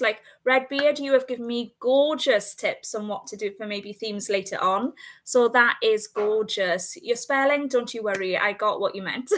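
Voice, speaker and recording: A woman's voice: fairly high pitch, bright, forceful tone. A woman tarot reader hosting a casual live stream, chatty and emphatic, often breaking into laughter.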